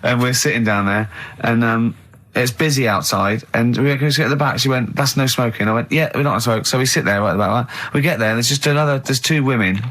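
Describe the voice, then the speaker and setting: An English man hosting a radio show, telling lively anecdotes and teasing his co-hosts in casual studio banter. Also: mid-range voice, quick pace. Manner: animated storyteller, mimics people in his stories, laughs often. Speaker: radio host.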